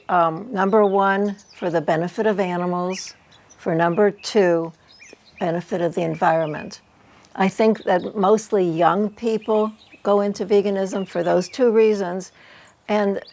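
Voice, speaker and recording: A woman in her eighties, an interview guest speaking earnestly in a casual chat, explaining plainly with soft laughs. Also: fairly low pitch, vocal fry. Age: 80s.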